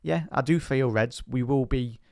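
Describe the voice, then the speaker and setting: A man's voice: medium pitch, normal speed, creaky, mellow, dry recording, studio quality. A young man from Liverpool with a Scouse accent, talking passionately and a bit rambling in a casual reaction video as a fan channel presenter. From Liverpool, England.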